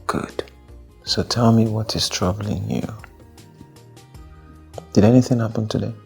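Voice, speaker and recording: An actor playing a doting, wealthy husband who coaxes his wife with soft, gentle talk. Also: on the low side, fairly even intonation, unhurried, gravelly, soft background music. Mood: tender. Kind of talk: Nollywood film acting.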